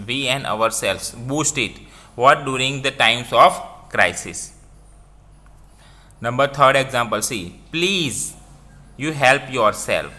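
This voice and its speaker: A man's voice: medium pitch, sharp tone. A man with an Indian English accent teaching a grammar lesson, repeating points and quizzing listeners with "what?".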